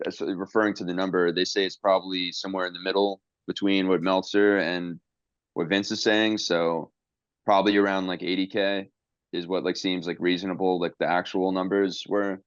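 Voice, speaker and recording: A very low-voiced man talking loosely on a podcast, full of fillers and side jokes. The sound is dry and a little dull, like a close home podcast mic. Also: fairly even intonation, brisk, dry recording. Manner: rambling, filler-heavy, jokey impressions. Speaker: podcast co-host. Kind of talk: casual chat.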